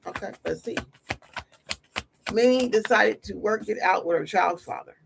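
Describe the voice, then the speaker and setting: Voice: mid-range voice, moderate pace, gravelly, pauses often. A tarot reader hosting a casual livestream, talking in a blunt, slangy, scolding way. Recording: noisy livestream audio.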